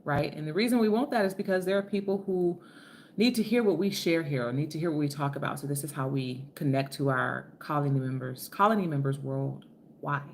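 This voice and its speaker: A woman's voice: sits low, brisk, a little mellow, slight background noise. A woman from Philadelphia hosting a casual live stream. She talks in a chatty, effusive way, greets her viewers by name and swears freely. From Philadelphia, USA. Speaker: livestream host.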